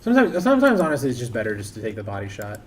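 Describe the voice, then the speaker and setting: A man's voice: mid-range voice, huge pitch swings, rapid-fire. A man commentating casually while streaming a shooter game, rambling and joking at his own play. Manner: rambling, self-deprecating, talks over the action. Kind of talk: live gameplay commentary.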